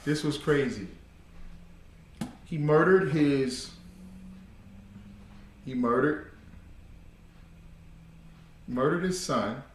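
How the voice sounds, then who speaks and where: A man's voice: a little high, very slow, pauses often, a little hiss or hum. A man teaching an informal class, telling stories in an emphatic, repetitive way with casual slang. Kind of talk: informal class talk with storytelling. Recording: echoey room.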